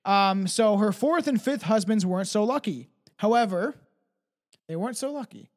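A man's voice: high voice, animated, moderate pace. A man co-hosting a casual true-crime podcast, crude and laughing a lot, not from the United States. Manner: crude, swearing, laughing often. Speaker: podcast co-host.

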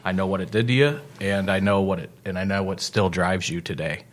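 A man hosting a podcast, speaking earnestly in halting, repeated starts and swearing. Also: low voice. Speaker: podcast host. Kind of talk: casual chat.

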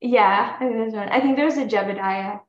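A woman's voice: on the high side, fairly quick. Giggly young woman in an echoey lo-fi room. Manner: giggly, hesitant, many fillers. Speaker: podcast co-host. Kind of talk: casual chat. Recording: echoey, dull lo-fi sound.

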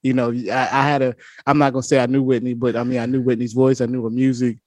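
A male host who speaks enthusiastically in a relaxed, informal way during a podcast conversation. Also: medium pitch, quick pace, no room sound.

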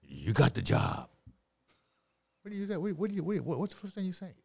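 A man's voice: high-pitched, very fast, vocal fry, warm tone. A middle-aged man giving life advice in a casual podcast chat, repeating and restarting his words as he preaches. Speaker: podcast guest.

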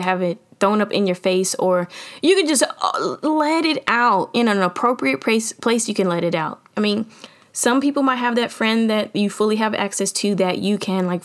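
Lively, slangy woman podcast host. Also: medium pitch. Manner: lively, preachy, slangy, laughs often. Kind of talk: casual motivational talk.

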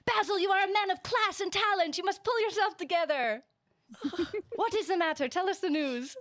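A woman's voice: very high voice, normal speed, fairly bright tone, no room sound. A woman voicing a prim, dignified female rat who speaks in a formal, mannered way.

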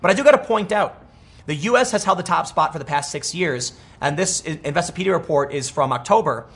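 A man in his thirties giving casual political commentary, animated and rambling, with many restarts and quoted asides. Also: fairly high pitch, fairly quick, breathy edge.

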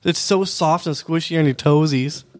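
Young guy, higher pitch, blunt grumbling banter, salty. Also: normal speed. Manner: blunt, ranting, profane. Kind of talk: casual chat.

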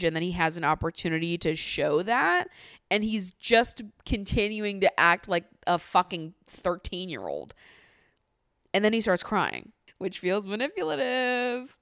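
A young woman vlogging a reality-show recap in casual chat, blunt and exasperated, swearing freely and talking in fast bursts. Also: lowish voice, fairly bright tone, smooth, dry recording, clean studio sound.

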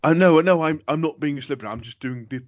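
A man's voice: a little high, very fast. A man co-hosting a comedy podcast, teasing and rambling as he talks. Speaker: podcast co-host.

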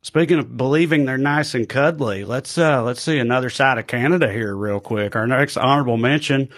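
A man's voice: medium pitch, brisk. A man co-hosting a podcast, joking casually with hesitant fillers. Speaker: podcast co-host.

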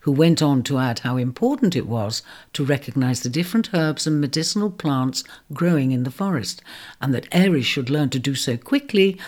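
Storyteller reading a kids fantasy tale, really animated, lots of pitch swings. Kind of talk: storybook narration.

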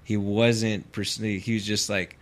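Male podcast guest, low-ish voice, relaxed storyteller, heavy on fillers and cursing. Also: slow. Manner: loose, filler-heavy, swears freely. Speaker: podcast guest, pro fighter. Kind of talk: casual storytelling.

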